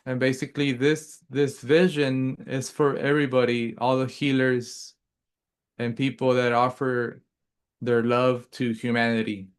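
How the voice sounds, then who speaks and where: A man speaking gently and earnestly as a guest, translating his partner's words into English. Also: mid-range voice. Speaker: guest and interpreter. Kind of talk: casual interview talk, translating partner.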